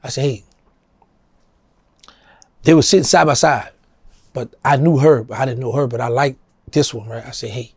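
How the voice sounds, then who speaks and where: Gravelly New Orleans man telling stories. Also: moderate pace, no echo. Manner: animated storyteller, acting out quotes in a higher voice. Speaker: interview guest. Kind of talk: casual storytelling.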